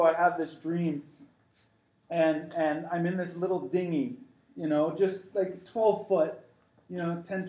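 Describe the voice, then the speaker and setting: A man's voice: on the high side, warm tone, roomy sound, muffled recording. A middle-aged man preaching, urging his listeners on and often restarting his sentences as he rambles through a dream story. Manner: rambling, many restarts, exhortative. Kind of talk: sermon.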